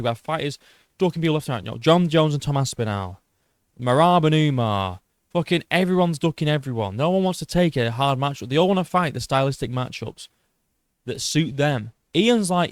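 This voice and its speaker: A man hosting a casual commentary, excitable and profane, rambling with restarts. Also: fairly high pitch, moderate pace, dry recording, studio quality. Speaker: host.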